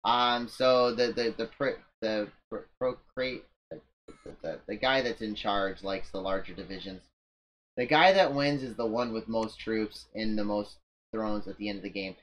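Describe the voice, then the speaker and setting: A man's voice: lowish voice, normal speed, a bit bright, a little hiss or hum. Rambling man narrating a strategy game. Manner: rambling, self-mocking, often restarts sentences. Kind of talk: casual let's-play commentary.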